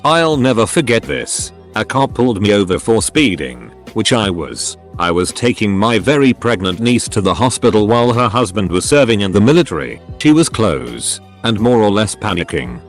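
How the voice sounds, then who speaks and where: Man reading scripted story narration with a lowish voice that swings widely in pitch, lively storytelling delivery, faint music playing underneath. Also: normal speed, few pauses.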